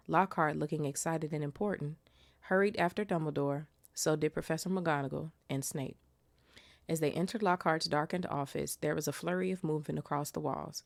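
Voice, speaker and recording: A woman's voice: low-pitched, fairly even intonation, brisk, gravelly, no room sound. A woman hosting a casual book reaction podcast, chatting in slang and reading the chapter aloud. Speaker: podcast host.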